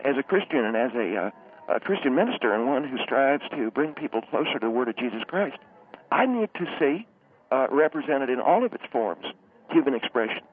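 A man of middle pitch speaks earnestly as a reverend, stopping constantly with hesitations. He calls in over a thin, tinny phone line. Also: a little hiss or hum. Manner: halting, full of uh, earnest. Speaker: reverend calling in. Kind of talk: call-in chat.

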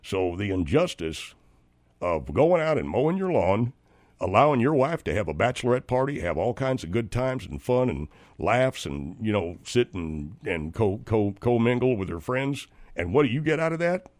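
A man's voice: lowish voice, very animated, normal speed, darkish tone, dry recording, clean studio sound. A man playing a flustered suburban husband who stammers and trips over his words as he airs an indignant grievance in a comedic monologue. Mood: aggrieved. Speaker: host of a comedy segment.

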